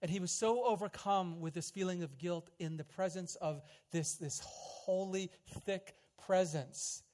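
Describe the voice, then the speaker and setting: Man, pastor preaching, dramatic storyteller, slightly high voice, loud-soft swings. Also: slow pace, long pauses. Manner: dramatic storytelling, rising loud in quoted prayers and dropping soft. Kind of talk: sermon.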